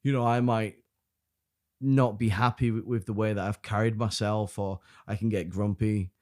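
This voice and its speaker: A man from the UK co-hosts a relaxed podcast chat. He speaks softly and reflectively, pausing and restarting often, with plenty of "you know". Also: lowish voice. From United Kingdom. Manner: reflective, hesitant, soft-spoken, many "you know"s. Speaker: podcast co-host. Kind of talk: casual chat.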